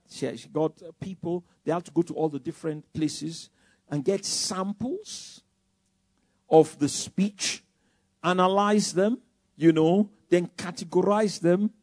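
A man preaches a sermon, animated and throwing out rhetorical questions. His voice sits a little high with a gravelly edge. The sound is close and dry. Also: no echo.

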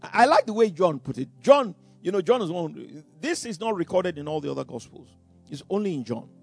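A man preaching a sermon. He is dramatic, bursts out loudly, chuckles between phrases, and stumbles over repeated words. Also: high voice, very animated, brisk, gravelly, slightly rough, soft background music.

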